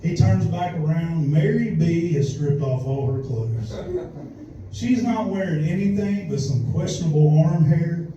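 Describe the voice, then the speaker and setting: A man's voice: a little high, a little slow, dull audio, background noise. A man doing a crude, rambling, self-mocking stand-up comedy set. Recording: distant echoey club recording.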